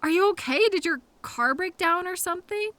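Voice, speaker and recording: A woman's voice: very high voice, animated, normal speed, sharp tone, no room sound. A young woman performing a scripted audio role-play as a coworker who finds the listener in a blizzard, fussy and scolding, then apologetic, with quirky mild exclamations.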